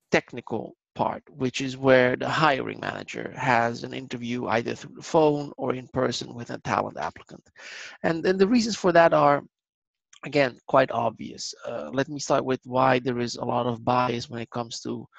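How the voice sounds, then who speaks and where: A man speaking as a guest on an online business seminar, explaining in a measured way with filler ums, over a video call. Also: mid-range voice, vocal fry, fairly bright tone, no echo, muffled recording. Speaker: company guest.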